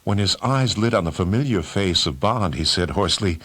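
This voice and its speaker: A man narrating an audiobook thriller in a measured, dramatic way. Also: deep voice, lively intonation, fairly bright tone, husky, no echo. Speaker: audiobook reader.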